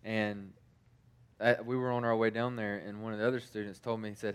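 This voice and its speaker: A man's voice: on the low side, level tone, a little fast, clean tone. Rambling man giving a casual sermon. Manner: rambling, frequent repeated restarts and fillers.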